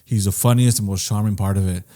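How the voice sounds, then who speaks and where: A man's voice: steady tone, fast talker. A man co-hosting a casual podcast, talking in a laid-back, slangy way. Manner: laid-back, slangy, often drops low and quiet. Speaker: podcast co-host. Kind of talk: casual chat.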